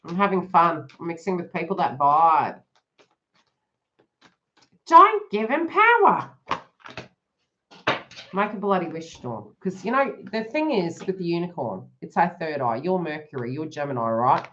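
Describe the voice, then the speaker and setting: A woman's voice: low-pitched, expressive, normal speed, few pauses, a bit bright, slight background noise. A woman reading cards on a live stream, chatting to viewers by name and laughing often. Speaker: tarot reader hosting a live stream. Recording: dull lo-fi live stream audio.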